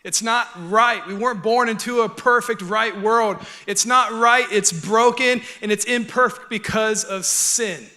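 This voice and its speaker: A young adult man preaching a sermon in a church, earnest and conversational, dropping to quiet, tender stretches. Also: high voice, measured pace, hardly any pauses. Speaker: pastor. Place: church auditorium.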